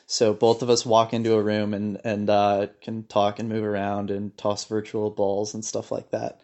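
A man's voice: on the low side, completely flat delivery, normal speed, darkish tone. A man, a researcher guest, explaining his work in a thoughtful, hesitant way. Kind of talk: interview explanation.

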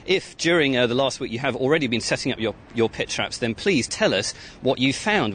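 A man reporting for a radio science show from an outside location, talking fast and chatty. Faint outdoor noise sits behind his voice. His pitch sits in an ordinary middle range. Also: a bit bright. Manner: brisk, chatty presenting. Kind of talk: live radio outside broadcast.

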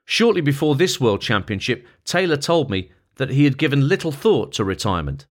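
A man narrating a long-form feature article as scripted narration, in a measured, even reading voice. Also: mid-range voice.

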